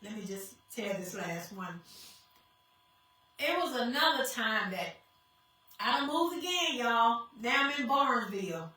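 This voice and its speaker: A woman gives a tearful testimony in a bright, raised voice. She is picked up from far off and rings through a very echoey hall. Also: a little high, expressive, measured pace, long pauses. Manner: addresses the crowd as y'all, tearful. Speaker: guest speaker sharing testimony. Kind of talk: emotional personal testimony. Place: church sanctuary.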